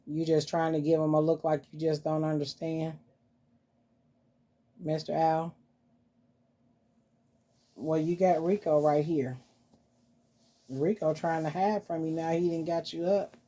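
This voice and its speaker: A woman hosting a casual vlog, talking softly and playfully to her dolls as if they were children. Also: deep voice, level tone, unhurried, long pauses. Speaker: doll collector vlogger. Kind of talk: casual doll-play vlog.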